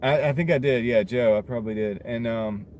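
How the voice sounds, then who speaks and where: A man talks loosely and casually to his viewers while out driving deliveries, reading out orders and drifting between topics. His voice sits at an ordinary middle pitch. Steady car and road noise runs under everything he says. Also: a little fast. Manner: rambling, chatty, reads out orders and answers chat. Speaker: delivery driver streaming live. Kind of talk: casual live-stream chat while driving. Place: inside a car. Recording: noisy car interior.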